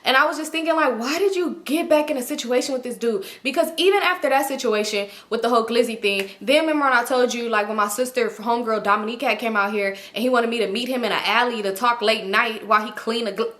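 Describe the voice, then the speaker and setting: A young adult woman, telling a personal story casually and acting out quoted lines with sudden jumps in pitch. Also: quick pace, hardly any pauses. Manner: animated, acts out quotes with big pitch jumps. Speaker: storytime vlogger.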